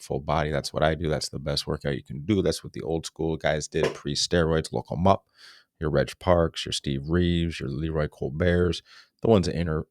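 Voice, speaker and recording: A man's voice: very deep voice, gravelly, dry recording, studio quality. A man in his forties giving a casual fitness lesson, laid-back and slangy, rambling with asides. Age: 40s. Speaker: fitness instructor. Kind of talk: casual unscripted fitness talk.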